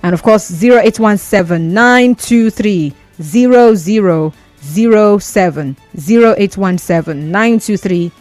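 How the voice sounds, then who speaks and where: A Nigerian woman hosting a call-in radio show, talking in a lively, playful way and laughing easily. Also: mid-range voice, no echo. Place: radio studio.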